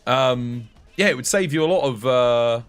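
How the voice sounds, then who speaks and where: A man with an English accent, chatting casually on a game livestream and coaching viewers in a relaxed, friendly way. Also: medium pitch, measured pace, clean tone, soft background music. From England. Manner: relaxed, chatty, addresses chat as mate.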